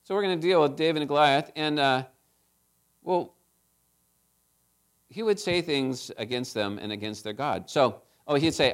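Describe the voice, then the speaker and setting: A man preaching a children's sermon, retelling a story in a chatty, animated way and asking his listeners questions. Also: on the high side, moderate pace, long pauses.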